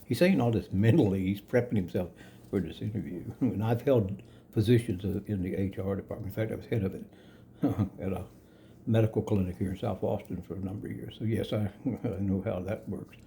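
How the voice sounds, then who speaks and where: Older man, yoga teacher, gravelly low voice, rambling lesson, light noise behind. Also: brisk, warm tone. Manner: rambling, chuckling often, self-correcting. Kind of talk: casual spoken lesson.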